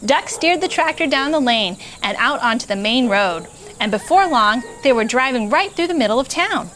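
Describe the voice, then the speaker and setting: A woman hosting a children's story show, reading a picture book aloud in an animated, playful way. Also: high voice, moderate pace.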